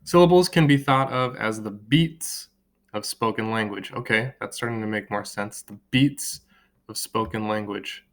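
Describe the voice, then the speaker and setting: A young man teaching a recorded lesson to children, explaining patiently and slowly drawing out words to count their beats. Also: fairly low pitch, a bit bright. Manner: slow, drawn-out word clapping and counting; friendly, patient classroom explaining.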